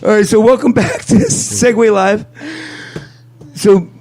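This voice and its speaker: A man hosting a live talk show, joking crudely and laughing loudly. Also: high-pitched, steady tone, a little slow, noisy background. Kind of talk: casual chat. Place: radio studio. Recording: music playing under the voice.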